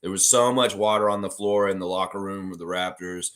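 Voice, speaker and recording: A man hosting a casual sports fan livestream, chatting excitedly and reading out viewer comments. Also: low-pitched, a little fast.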